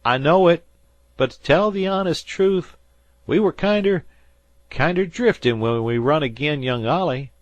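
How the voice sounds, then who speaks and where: A man voicing a folksy fisherman who drawls loudly across the water. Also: on the high side, animated, measured pace, dry recording, lo-fi sound, voice pushed up. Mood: drawling. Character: loud drawling male fisherman hailing another boat.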